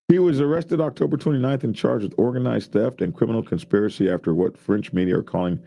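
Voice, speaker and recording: A man's voice: medium pitch, fairly quick, creaky, warm tone. A man casually reading news stories aloud and joking about them with his co-hosts. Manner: reads headlines aloud then riffs jokingly. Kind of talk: casual news commentary chat.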